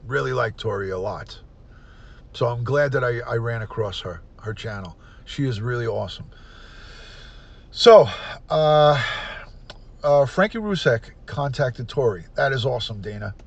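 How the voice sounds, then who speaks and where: A man's voice: mid-range voice, lively intonation, measured pace, creaky, long pauses, breathy edge, dull audio. A middle-aged man hosts a casual livestream, greeting viewers by name and place and giving blunt opinions. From United States. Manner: reads out viewer comments and greets them by place. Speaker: livestream host.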